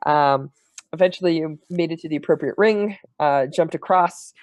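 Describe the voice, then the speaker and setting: A man serving as game master, recapping the last tabletop session in a halting, filler-heavy way. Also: fairly high pitch, no echo.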